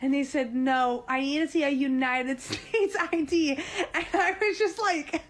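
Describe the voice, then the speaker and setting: Brief: high-pitched woman, incredulous casual storyteller. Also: unhurried. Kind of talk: casual anecdote.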